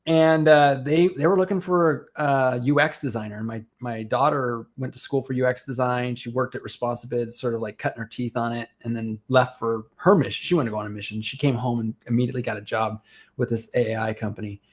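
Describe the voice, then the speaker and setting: A middle-aged man chatting as a podcast guest, telling lively stories and laughing often. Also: medium pitch, a little fast. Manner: animated storytelling, laughs often. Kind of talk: casual chat.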